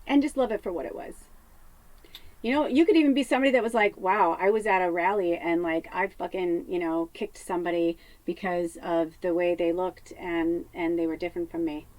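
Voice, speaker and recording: A woman's voice: on the low side, steady tone, a little fast, darkish tone, no room sound, low-quality recording. A woman talking casually to camera as a psychic medium, chatty with many fillers, at times dropping her voice to a whisper. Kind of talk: casual spiritual talk to camera. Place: home off grid.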